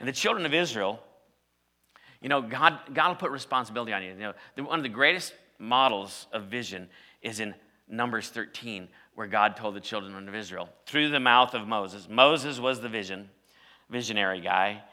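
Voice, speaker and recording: A man preaching a sermon, telling a story and rising to loud, emphatic peaks. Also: lowish voice, normal speed. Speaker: pastor.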